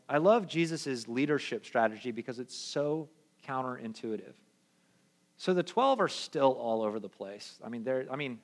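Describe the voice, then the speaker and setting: A young adult male pastor giving a casual, conversational sermon in an animated, slangy way. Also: medium pitch. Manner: animated, slangy, acts out quoted voices.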